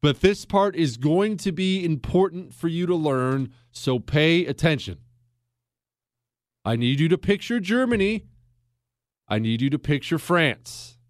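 A man's voice: sing-song, measured pace, pauses often, no room sound. Folksy American man, dry close mic. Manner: folksy, wide swings in pitch and pace, rising for emphasis. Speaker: podcast host. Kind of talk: casual history talk.

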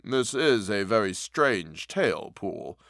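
A man voicing a stern, peevish male lawyer in a storybook reading, speaking slowly and carefully. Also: lowish voice, big pitch swings, vocal fry, a bit bright, no echo, clean studio sound, exaggerated voice. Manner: peevish, measured, slow.

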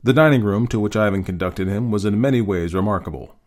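A man hosting and reading a classic short story aloud in an expressive, varied narrating style. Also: lowish voice, quick pace. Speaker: host and story reader. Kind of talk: scripted narration.

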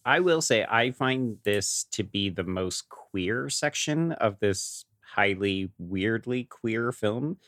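A man co-hosting a casual chat, making quick, wry remarks. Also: on the low side, lively intonation, fairly bright tone, no room sound, studio quality. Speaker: podcast co-host.

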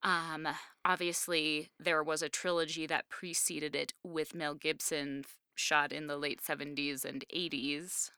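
This podcast co-host, who covers wine and film, has a low, sharp, clear and resonant voice with a flat delivery, speaking at a measured pace with few pauses. The recording is dry and studio quality, and she chats casually and knowledgeably about wine, often saying "um" and "like".

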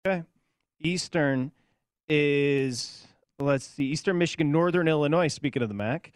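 A man hosting a sports betting talk show, upbeat, bantering quickly with his co-hosts. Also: on the high side, clear, resonant tone, no echo, studio quality.

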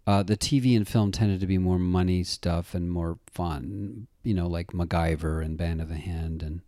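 A middle-aged man in a casual interview, telling stories in an animated way and acting out the people he quotes. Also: deep voice, moderate pace, no echo, clean studio sound. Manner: animated storyteller, acts out quoted voices. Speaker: interview guest, actor-writer-director.

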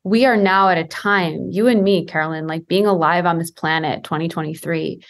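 Earnest woman with a lowish voice. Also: steady tone, moderate pace. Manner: earnest, explaining spiritual ideas. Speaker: guest, spiritual author. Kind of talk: casual chat.

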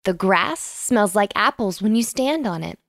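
A woman's voice: medium pitch, expressive, measured pace, gravelly, no echo, clean studio sound. A woman voicing a cheerful female magical unicorn in a bedtime story, playful in manner.

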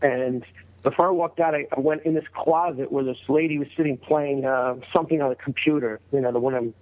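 A middle-aged man from New York, a guest telling a story in a casual, animated way and acting out the voices of the people in it. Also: quick pace. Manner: animated, acts out quoted voices in a higher pitch. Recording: tinny phone-like line.

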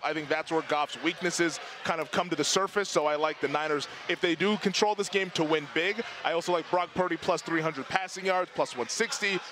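A man's voice: on the high side, a bit bright, a little hiss or hum. A man co-hosting a sports betting show, confidently laying out his picks and bold score predictions in casual talk.

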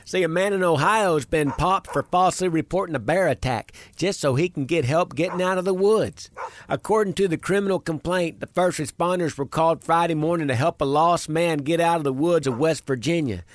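A man's voice: on the high side, a little fast, no room sound, voice pushed up, lightly acted. A man voicing a brash young country boy who tells a comic crime story in a boastful, folksy way. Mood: smug. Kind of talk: comic radio segment.

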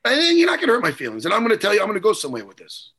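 A man's voice: high-pitched, wildly swooping pitch, rapid-fire, fairly bright tone, slightly rough. A middle-aged man, hosting a podcast, rambling and swearing as he tells stories. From New York. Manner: profane, rambling storyteller. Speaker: podcast host. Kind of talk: casual chat.

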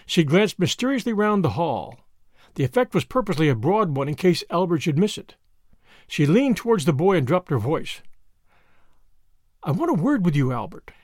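Expressive male audiobook narrator. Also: a little high, normal speed, no room sound, clean studio sound. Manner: expressive storytelling. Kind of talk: scripted narration.

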